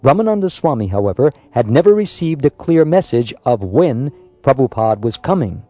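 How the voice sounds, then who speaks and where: A man reading a biographical story aloud in a measured, scripted narration. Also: medium pitch, big pitch swings, dark tone, no room sound, faint music behind. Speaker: audiobook narrator.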